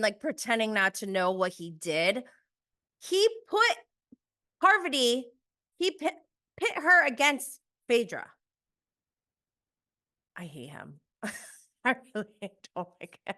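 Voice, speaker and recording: A woman's voice: a little high, very animated, takes it slowly, pauses often, pushed and bright. A young adult woman giving a casual, gossipy recap of a reality show, laughing often and acting out contestants' lines.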